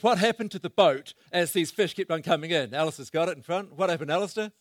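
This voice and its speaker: A man preaching a sermon, swinging between loud bursts and hushed asides as he asks the congregation questions. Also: a little high, fast, hardly any pauses, dry recording, studio quality.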